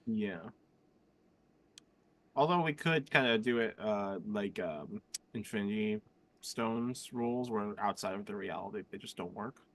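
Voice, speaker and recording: A player with a middle-pitched voice chimes in during a tabletop worldbuilding session. The asides are playful and joking. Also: measured pace, fairly bright tone. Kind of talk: collaborative worldbuilding discussion.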